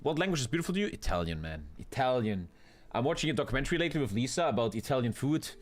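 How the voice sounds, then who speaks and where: A man's voice: mid-range voice, sing-song, rapid-fire. A man with a German accent, streaming a strategy game with casual, profane, rambling commentary. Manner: profane, rambling, bro-talk. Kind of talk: casual live gaming commentary.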